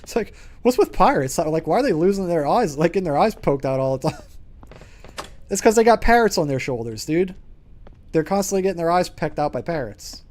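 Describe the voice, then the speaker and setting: Male gaming streamer, somewhat high voice, loose rambling chatter, lots of "like"s. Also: sing-song, brisk, a little mellow. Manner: rambling, filler-heavy chatter with frequent laughs. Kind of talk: casual gaming commentary.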